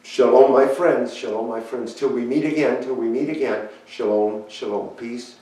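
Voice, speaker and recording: A man leading a children's time in church, talking in a gentle, rambling way and searching his notes aloud. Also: medium pitch, normal speed. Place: church sanctuary. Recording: echoey church, voice picked up from far off.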